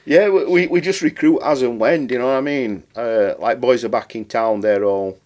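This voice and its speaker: A man with a medium-pitched, slightly mellow voice talks at a normal speed. He's a Barnsley-born writer and comedian with a South Yorkshire accent, chatting rambly on a podcast in a casual interview, with broad dialect and dropped words.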